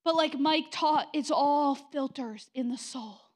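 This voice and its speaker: A middle-aged woman pastor delivers an impassioned sermon in a high, light voice. She swings between urgent emphasis and soft, near-whispered tenderness. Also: a little slow. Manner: impassioned, drops to soft whispers when quoting God.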